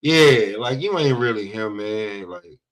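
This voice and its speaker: Here a man co-hosts a sports podcast full of casual trash talk, rambling with plenty of profanity and leaning hard on "bro." He has a lowish, fairly bright voice that's expressive, and he keeps a measured pace. The recording is low quality.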